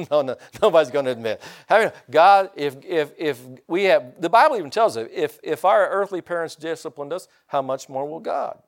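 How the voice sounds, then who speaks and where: Folksy older male preacher, high-pitched. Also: expressive, a little fast, hardly any pauses. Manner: folksy, calls for amens from the congregation. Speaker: pastor. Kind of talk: sermon.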